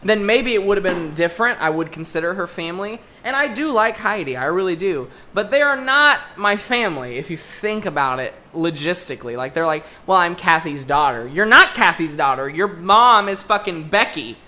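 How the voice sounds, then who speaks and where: A young podcast co-host with a bright, sharp-edged voice tells a story as a casual rant. He swears constantly and sounds exasperated throughout. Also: high voice, expressive, normal speed, hardly any pauses. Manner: profane, exasperated ranting. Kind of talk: casual chat, ranting story.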